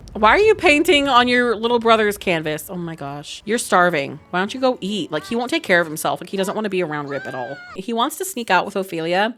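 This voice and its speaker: A woman hosting casual gameplay commentary, animated and laughing often as she exclaims at the game. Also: mid-range voice. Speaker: gaming channel host.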